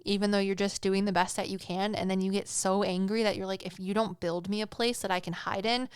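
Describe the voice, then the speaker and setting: A woman's voice: medium pitch, smooth, no echo, clean studio sound. A young woman hosting a podcast, talking in a casual, chatty way with frequent laughs and restarts. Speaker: podcast host. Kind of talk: casual spoken commentary.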